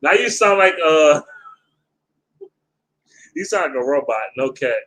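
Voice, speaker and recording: Animated, lively-voiced man on a sports call. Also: a little high, rough recording. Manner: animated, slangy, quick to laugh. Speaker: guest caller. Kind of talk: casual sports talk on a voice call. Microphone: home mic on an online call.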